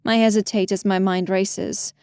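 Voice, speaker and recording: A woman's voice: medium pitch, little pitch movement, moderate pace, darkish tone, clean tone, no room sound. Woman audiobook narrator, wry first-person read, dry close-mic booth sound. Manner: wry, self-deprecating inner voice.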